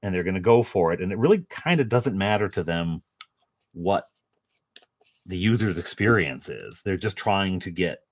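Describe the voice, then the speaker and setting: Deep-voiced man chatting while painting. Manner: rambling and self-mocking, jokey asides. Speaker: miniature painter and channel host. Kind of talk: casual chat while painting. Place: at home.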